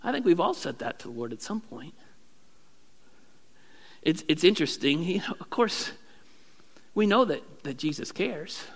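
A male pastor preaching a sermon, acting out prayers in a raised, animated voice. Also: sits high, long reverb tail.

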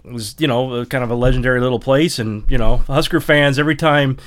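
A man's voice: medium pitch, steady tone, brisk. Rambling Midwestern man, casual talk. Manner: rambling, repeats words, many restarts. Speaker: podcast co-host. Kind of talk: casual sports chat.

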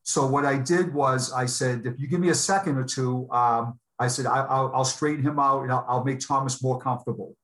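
A man from New England, a retired sheriff's deputy, telling a personal story in an interview in an earnest, heartfelt way with halting restarts. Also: mid-range voice, fairly even intonation, a bit bright. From Boston area, New England.

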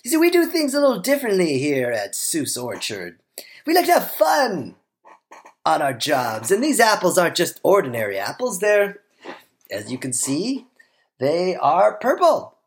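A woman plays a smug male farmer who puts on humble airs. His voice sits low and his pitch is lowered. He pitches his goods in a sly, hammy way, as in a comedy improv sketch. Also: huge pitch swings, moderate pace. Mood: salesy. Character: smug male farmer brother, showy fake humility.

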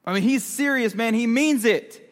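Man preaching, high voice, conversational, asks the crowd questions, long hall reverb. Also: moderate pace. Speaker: youth pastor. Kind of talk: youth sermon.

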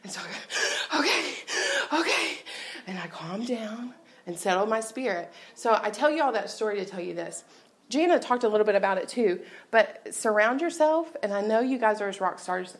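A woman tells a personal faith story to a church crowd from the stage. Her voice has a gravelly, fry-laden edge, and she keeps it candid and chatty, often slipping into laughter. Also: medium pitch, normal speed. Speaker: speaker at a church gathering. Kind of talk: personal testimony talk.

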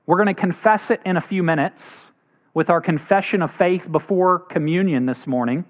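A man preaching a sermon as pastor, earnest, acting out quoted voices now and then. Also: moderate pace. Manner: earnest, acts out quoted voices with rising pitch.

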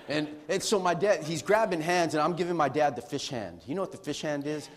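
Brief: middle-aged male pastor, high voice, lively sermon storyteller who laughs. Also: fairly quick, few pauses, a crowd in the background. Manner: animated, laughing storyteller acting out quotes.

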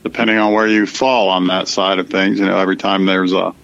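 A man with a low, gravelly voice talks politics casually as a co-host. His delivery is measured and conversational, full of small fillers. The recording sounds dull and lo-fi. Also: flat delivery, fairly bright tone. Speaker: podcast co-host.

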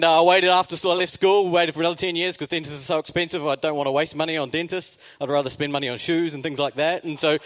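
A young man telling a self-mocking story in a sermon, animated and laughing often. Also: a little high.

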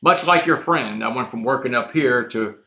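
A man telling his own story as a podcast guest, intense and emphatic, going from hushed lines to shouted ones. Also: medium pitch, moderate pace, creaky. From Texas. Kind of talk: dramatic storytelling.

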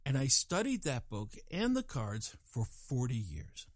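A man in his sixties from Louisiana spins a long, rambling story for a group, tossing in self-mocking asides. His mid-range voice swings hugely in pitch and moves a little slowly. The studio-quality recording carries no room sound.

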